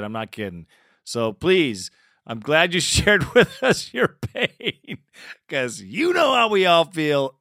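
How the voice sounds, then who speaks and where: A man hosts a fan call-in show with a lively, swooping voice that rises fairly high. His tone is bright and a little sharp, and he swears and laughs often. The sound is close and dry. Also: no room sound. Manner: profane, laughing, animated. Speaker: podcast host. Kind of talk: casual fan talk show, mock group therapy.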